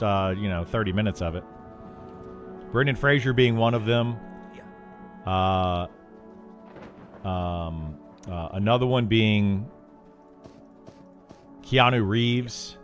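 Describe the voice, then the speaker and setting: A middle-aged man chatting casually while streaming a game, rambling with lots of fillers and restarts. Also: mid-range voice.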